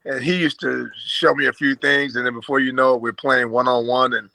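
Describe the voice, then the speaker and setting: An older man with an American accent touched by an Australian twang tells stories as an interview guest. His voice is gravelly yet bright, and his delivery is easygoing and chatty, with fillers and chuckles. The recording is dry and close. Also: medium pitch, steady tone, brisk, dry recording, rough recording. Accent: American with a slight Australian twang. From Brooklyn, New York. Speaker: guest, former basketball player. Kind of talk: casual storytelling in an interview.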